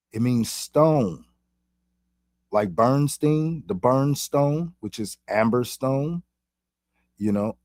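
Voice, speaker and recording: Animated, slangy man in a dry room. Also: medium pitch, no room sound. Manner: rambling, profane, streetwise slang, animated. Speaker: vlogger. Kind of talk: casual spiritual monologue.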